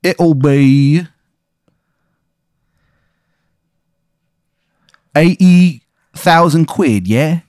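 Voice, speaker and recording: A man voicing a blustery male executive with a deliberately terrible, over-the-top fake English accent. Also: a little mellow, no room sound, clean studio sound. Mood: wheedling. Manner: raised-pitch caricature, drawled slang.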